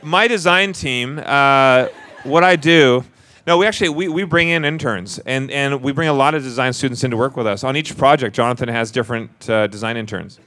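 A man co-hosting a live panel, telling stories in a joking, animated way. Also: medium pitch, brisk, a little hiss or hum. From Canada. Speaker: co-host on stage. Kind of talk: casual panel chat.

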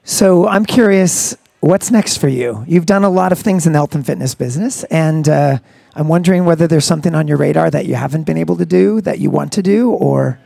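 Gravelly, mellow man asking interview questions. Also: fairly high pitch, dry recording. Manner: brisk, curious questioning.

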